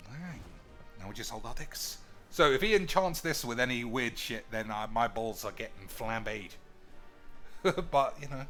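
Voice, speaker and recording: A man's voice: mid-range voice, normal speed, sharp tone, soft background music. A man streaming a card game, thinking aloud with crude, joking banter. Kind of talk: casual gameplay commentary.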